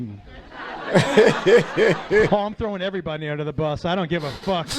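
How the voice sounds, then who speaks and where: A man with a strikingly high voice performs stand-up comedy and swings his pitch all over as he acts out the characters. He is middle-aged, tells his story in a lively, profane way, and slips in and out of the voices he imitates. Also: unhurried, pauses often, breathy edge.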